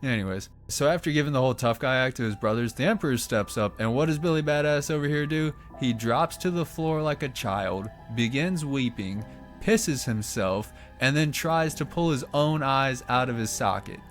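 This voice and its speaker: A man at a mid-range pitch tells a story with sarcastic, profane humor. He breaks in with quick offhand jokes. Faint music plays under his voice. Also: animated. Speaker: channel host. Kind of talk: irreverent comedic narration.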